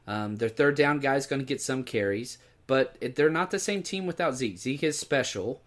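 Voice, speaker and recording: A man's voice: medium pitch, lively intonation, normal speed. Glum, deflated man talking fantasy football. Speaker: podcast co-host. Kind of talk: casual fantasy football chat.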